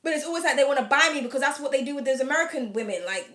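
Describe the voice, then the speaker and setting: High bright woman, frank to camera. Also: expressive, very fast, reverberant. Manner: frank and blunt, swears freely, laughs often. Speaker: host of an astrology reading channel. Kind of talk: casual candid chat to camera.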